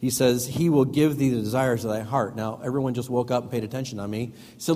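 A middle-aged male pastor preaching a sermon with emphatic swings between loud and hushed delivery. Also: medium pitch, steady tone, quick pace, few pauses. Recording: long hall reverb.

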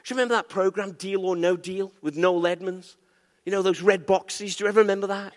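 Speaking briskly this time, the pastor keeps his voice high for a man as he teases his flock and asks for amens. The long echo of a big church hall surrounds his animated, playful call-and-response sermon.

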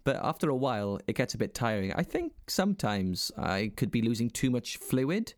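A man in his forties chats on his podcast and tells stories, slipping into voices for the people in them. His pitch swings all over the place, and the sound is dry and close. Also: big pitch swings, moderate pace, no room sound. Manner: chatty storyteller, acts out voices in anecdotes. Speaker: podcast co-host. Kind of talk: casual chat.

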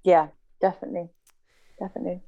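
Young woman guest, supportive and agreeable, lowish voice, dry close sound. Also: flat delivery, quick pace, dark tone, no room sound, lo-fi sound. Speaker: podcast guest and co-writer. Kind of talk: casual reminiscing chat.

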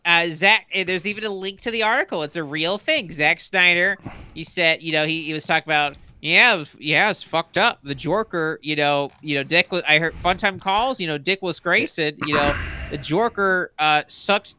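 A man's voice: fairly high pitch, normal speed, sharp tone, clear, resonant tone. A man co-hosting a podcast in casual chat, teasing and crude, with stammering restarts.

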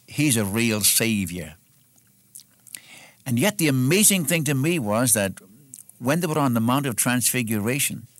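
A man's voice: medium pitch, fairly bright tone, no echo. A man preaching a sermon, earnest and emphatic, addressing the listener directly as his friend.

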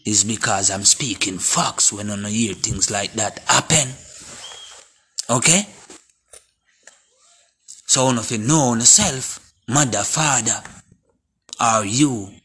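A man's voice: on the low side, slow, long pauses, slightly rough. A man with a Jamaican accent giving a confrontational, preachy monologue in patois. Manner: forceful and confrontational. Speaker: vlogger. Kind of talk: impassioned monologue to camera.

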